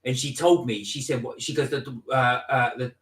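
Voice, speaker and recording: A man's voice: mid-range voice, fairly even intonation, moderate pace, a bit bright, reverberant, distant mic. A man co-hosting a casual live-stream vlog, chatty and rambling as he reads comments and tells stories. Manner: chatty, rambling, with laughs and retold anecdotes. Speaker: vlog co-host.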